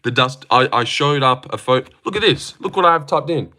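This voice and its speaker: Excitable Australian man live-streaming. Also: mid-range voice, brisk. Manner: excitable, swears freely, answers chat comments aloud. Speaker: live streamer reading chat. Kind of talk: casual live-stream reaction chat.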